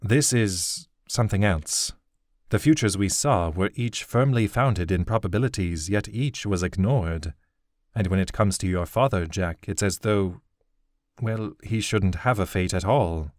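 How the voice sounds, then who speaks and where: A man voicing an old, fatherly elven king and seer who speaks in a measured, grave way. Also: deep voice, no room sound, studio quality.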